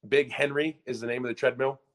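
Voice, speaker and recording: Fast and mid-range, a podcast guest in his twenties who once played college basketball runs through a story in a loose, animated style, full of "like" and fresh starts.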